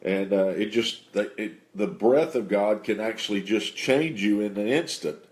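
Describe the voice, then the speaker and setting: A man telling a personal faith testimony in an unhurried, halting way with many fillers. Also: fairly low pitch.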